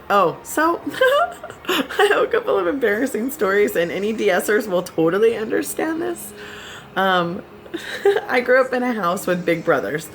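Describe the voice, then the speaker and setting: Giggly lady vlogger just chatting to her subs, voice bouncing all over, laughs a lot. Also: medium pitch. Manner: giggly, laughs often while telling stories. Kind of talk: casual chat to subscribers.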